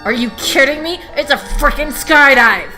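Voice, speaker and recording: Woman reading a brash sarcastic game character, loud and panicky. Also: high voice, normal speed, soft background music, pitched above the performer's own voice. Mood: panicked. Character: loud sarcastic man scared of heights.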